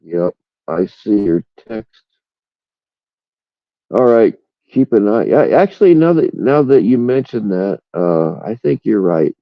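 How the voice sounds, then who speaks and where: A man's voice: on the low side, sing-song, slow pace, no room sound, dull audio. A man hosting a livestream in rambling casual chat, swearing freely. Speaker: livestream host.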